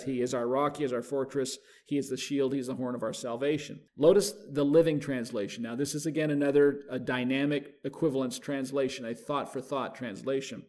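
A man teaching a Bible study as a minister, reading scripture aloud with rising emphasis and then explaining it calmly, often repeating words as he restarts phrases. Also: medium pitch.

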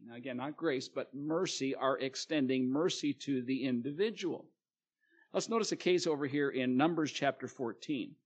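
A male preacher reading scripture aloud and explaining it in a plain sermon, with fillers and restarts. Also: a little high.

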